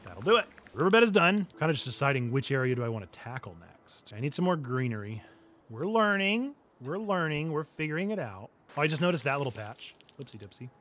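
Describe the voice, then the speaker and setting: A man, a pastor, giving casual livestream commentary as he plays, animated and often laughing and talking to himself. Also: on the high side, fairly quick. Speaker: pastor streaming games.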